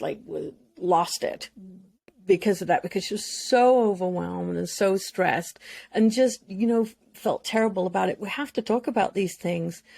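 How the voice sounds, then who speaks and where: A woman's voice: lowish voice, gravelly, a little mellow, no echo. A woman, a mental health expert, speaking candidly and emotionally as a guest on a podcast. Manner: earnest, emotional, speaks in long flowing runs.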